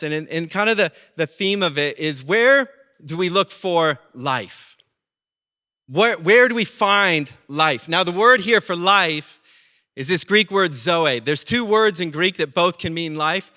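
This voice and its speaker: A man preaching a sermon as pastor, telling stories with lively acted-out voices. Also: fairly high pitch. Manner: animated storytelling, acting out quoted voices.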